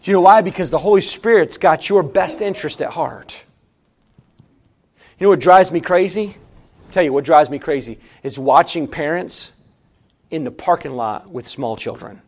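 Delivered at normal speed, this sermon comes from a middle-aged male pastor who talks conversationally, echoing his own phrases and moving between emphatic rises and hushed, low asides.

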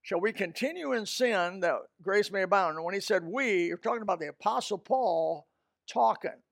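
A man preaches with a gravelly, fry-edged voice that sits high for a man. He is emphatic, jumping from loud bursts to low asides, and the close mic sounds dry with no room. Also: lively intonation, normal speed, dry recording. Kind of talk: sermon.

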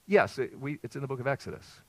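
A man preaching a sermon to a congregation in a lively, conversational way, asking rhetorical questions. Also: medium pitch, fast talker, dry recording, poor audio. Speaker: pastor. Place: church sanctuary with congregation.

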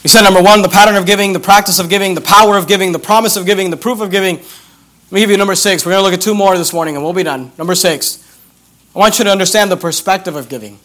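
Reading scripture as he preaches, this pastor has a high, sharp voice with fairly even intonation. He hammers his message through repeated key phrases and slowly stretched-out verses.

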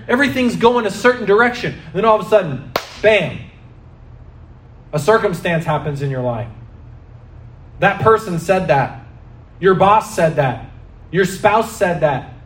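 In an echoey room, a man with a high voice preaches a sermon. He is emphatic and keeps firing rhetorical questions at the congregation.

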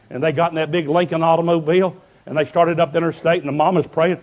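A man preaching a revival sermon, telling stories fervently and building up to shouts. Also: fairly high pitch, fairly even intonation, fast, hardly any pauses, highs cut off.

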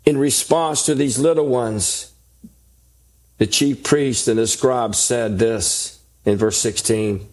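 A man's voice: mid-range voice, fairly even intonation, takes it slowly, a little mellow. A man preaching a sermon, reading scripture and building emphatic lists. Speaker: pastor.

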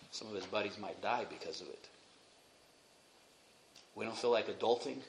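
Pastor preaching in an echoey church. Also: male voice, fairly low pitch, fairly quick, pauses often. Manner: swings from quiet asides to loud emphatic peaks. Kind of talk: sermon. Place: church sanctuary. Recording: echoey room, faint noise.

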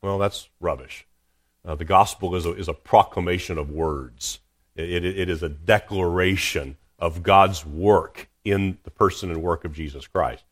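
A pastor with a deep, low-pitched voice delivers a sermon. He reads scripture and explains it earnestly, often repeating words as he restarts a phrase. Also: unhurried, husky.

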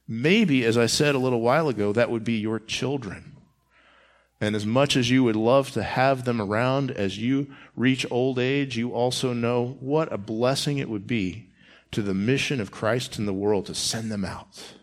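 A man's voice: mid-range voice, normal speed. A man preaching a sermon as a pastor, earnest and rising in force on key phrases.

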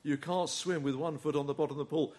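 A man's voice: fairly high pitch, fairly even intonation, fast, a little mellow. A man preaching a sermon, earnest and urging, often putting rhetorical questions to his listeners.

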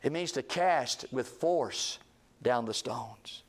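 A man preaching a revival sermon, repeating phrases and swinging from booming calls to hushed, low lines. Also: lively intonation, slow pace, gravelly.

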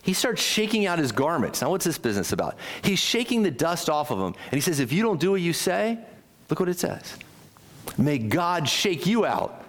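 A man preaching a sermon with a lively delivery. His pitch sits a little high and swings widely as he acts out quoted lines. He talks to the congregation directly and checks in with quick questions. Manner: acts out quoted speech with sharp jumps in pitch. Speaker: pastor.

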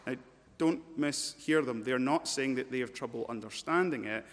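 A male preacher delivering an emphatic sermon in a church, his voice in a middle register. He swings between loud, urgent stretches and low, intense ones, often repeating words as he builds his point. A long hall reverb trails every phrase. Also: moderate pace.

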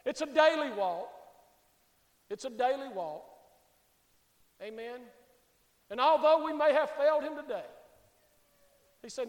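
A male pastor preaching with a strikingly high voice. He rises to fervent shouts and drops to soft, hushed pleading. His voice rings through a church hall with a long, echoing reverb. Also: animated, a little slow, pauses often. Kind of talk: sermon. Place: church sanctuary.

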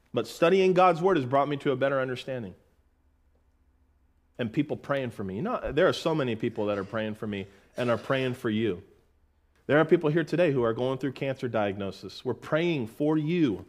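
A middle-aged man preaching a sermon in a folksy way, calling listeners "folks" and reading scripture slowly and with emphasis. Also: mid-range voice. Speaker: pastor.

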